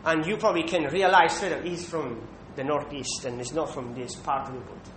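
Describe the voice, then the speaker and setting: A man preaching a sermon, emphatic, pausing to check in with listeners with a questioning "hmm". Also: steady tone, fairly bright tone. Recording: echoey room with faint rumble.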